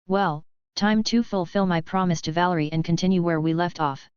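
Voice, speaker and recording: A woman reads a web novel aloud at an even, steady pace. Her voice is exceptionally smooth and clear, sitting a little low. The recording is dry and slightly dull, with no room sound. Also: a little fast, no room sound. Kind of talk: audiobook narration of a web novel.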